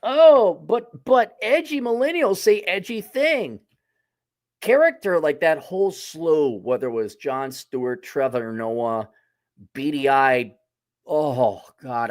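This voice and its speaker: A man's voice: a little high, dry recording, clean studio sound. A man hosting a casual opinion monologue, talking in a blunt, sardonic, profane way. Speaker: host.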